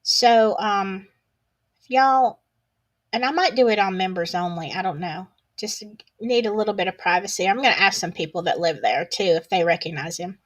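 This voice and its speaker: A woman's voice: mid-range voice, moderate pace. A woman with a Southern US accent, hosting a casual solo livestream, chatting in a folksy, drawling way and reading viewer comments aloud.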